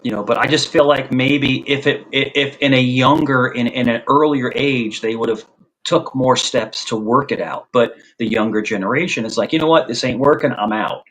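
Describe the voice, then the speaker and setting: American male host, earnest, mid pitch, repeats points for emphasis. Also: fairly even intonation, moderate pace, a bit bright, poor audio. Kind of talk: casual chat.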